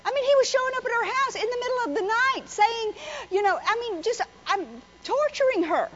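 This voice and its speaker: A woman preaches a sermon in a high voice, telling folksy stories and teasing the congregation. The recording is a little dull and muffled, with faint background noise. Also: expressive, a little fast, fairly bright tone. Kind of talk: sermon with storytelling.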